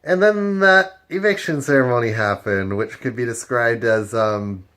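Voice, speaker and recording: Man, casual confessional, average pitch, lots of fillers. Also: normal speed, fairly bright tone, smooth. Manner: casual, filler-heavy talk. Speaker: game player.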